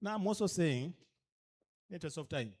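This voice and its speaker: A man's voice: on the high side, animated, fairly quick, darkish tone. A man with a Ugandan accent addressing cultural leaders, emphatic and full of rhetorical questions to the room, switching between English and a local language. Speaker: guest speaker at a leadership orientation. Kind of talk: addressing an audience.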